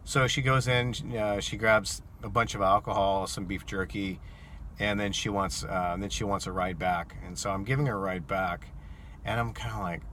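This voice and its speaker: A man who drives for rideshare apps, casually telling an animated, incredulous story to his viewers. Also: on the low side, normal speed, a little hiss or hum.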